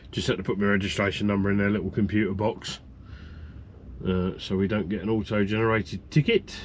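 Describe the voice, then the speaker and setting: A middle-aged truck driver vlogger chats casually about his trucking day, rambling loosely with plenty of ums and uhs. His slightly low voice moves briskly with little change in pitch, and faint outdoor traffic noise sits behind him.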